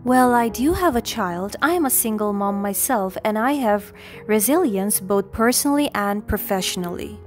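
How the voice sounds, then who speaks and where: A woman reading the lines of a composed single mother at a job interview, answering calmly and with confidence. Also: medium pitch, moderate pace, soft background music, lightly acted. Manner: calm, self-assured.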